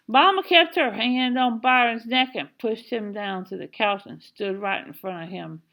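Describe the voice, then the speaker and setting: Slow, bright-voiced woman reading aloud. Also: mid-range voice, gravelly. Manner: slow, expressive storytelling. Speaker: reader. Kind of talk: reading a children's novel aloud.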